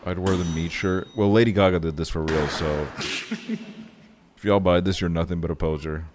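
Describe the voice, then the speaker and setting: A man's voice: low-pitched, steady tone, normal speed, noisy background. A man streaming live and reacting to clips, swearing freely and laughing in disbelief. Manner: profane, laughing, incredulous reactions. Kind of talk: livestream reaction commentary.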